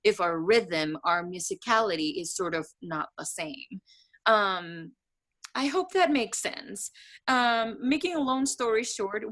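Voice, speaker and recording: A woman's voice: medium pitch, lively intonation, takes it slowly, fairly bright tone. A woman, asking a question in an online workshop, hesitant and searching for words. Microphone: video call.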